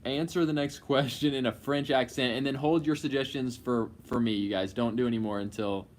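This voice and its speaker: A man's voice: medium pitch, fairly even intonation, brisk. A man co-hosting a live couple's Q&A, casual and teasing as he runs the chat. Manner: playful, teasing, running the stream.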